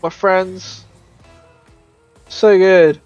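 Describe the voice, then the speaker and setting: A man giving casual gameplay commentary as a streamer, chatty and self-mocking, with bursts of excited shouting. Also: sits high, very slow, highs cut off, soft background music.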